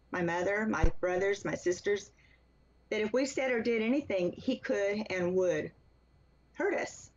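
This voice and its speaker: An earnest woman speaks at a middle pitch, telling her story in a steady, deliberate way. The recording is a little dull and lo-fi, with the top end softened. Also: a little hiss or hum. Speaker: author and interview guest. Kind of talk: personal testimony in an interview. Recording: slightly dull, lo-fi sound.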